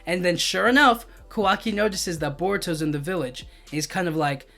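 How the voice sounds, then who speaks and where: A man's voice: high voice, fairly quick, creaky, sharp tone, soft background music. Rambling man recapping a manga chapter. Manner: rambling, loose paraphrase full of "like" and "you know what I mean". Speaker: anime and manga reviewer.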